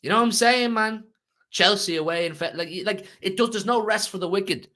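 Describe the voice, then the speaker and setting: A man's voice: sits high, fairly quick, pushed and bright. A man hosting a fan channel, ranting emotionally about football to his live chat and repeating himself for emphasis.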